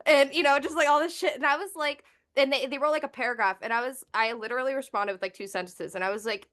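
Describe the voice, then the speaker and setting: A woman hosting a casual chat, animated, laughing often and swearing freely. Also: sits high, fast, hardly any pauses. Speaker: host.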